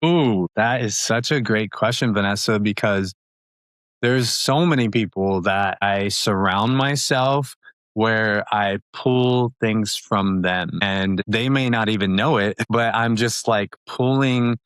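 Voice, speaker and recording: A man in his thirties, an upbeat and chatty interview guest who talks quickly with many fillers and laughs. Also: lowish voice, fairly bright tone, smooth, no room sound. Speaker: podcast guest. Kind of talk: casual interview talk.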